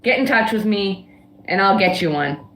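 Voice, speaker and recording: A woman's voice: medium pitch, animated, moderate pace, fairly bright tone. Blunt defiant woman ranting, roomy echo. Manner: blunt, swearing, defiant, laughs between outbursts. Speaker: livestream guest. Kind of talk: heated casual rant on a livestream.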